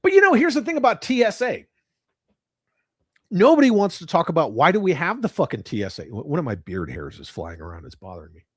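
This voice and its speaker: A man's voice: fairly high pitch, wildly swooping pitch, fast, husky, dry recording, studio quality. A middle-aged man hosting a casual livestream, ranting with heavy profanity and reading chat messages aloud. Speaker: livestream host.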